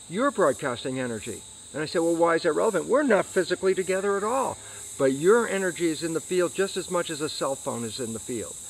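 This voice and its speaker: A man's voice: a little high, gravelly, slight background noise, poor audio. A man, an interview guest, explaining science and acting out his own questions and answers. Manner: animated, acts out questions and answers to himself.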